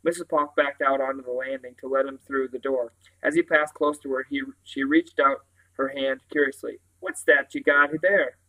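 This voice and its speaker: Steady man reading a novel aloud. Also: mid-range voice, moderate pace, rough recording. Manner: steady reading with occasional self-corrections. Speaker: reader.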